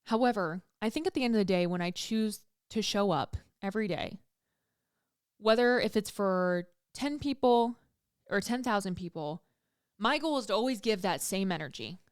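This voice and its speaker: A woman's voice: medium pitch, lively intonation, moderate pace, clean tone, no echo, studio quality. A young woman hosting her own podcast, talking candidly and casually, swearing freely and laughing at herself, pregnant and feeling emotional. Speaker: podcast host. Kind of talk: casual solo podcast chat.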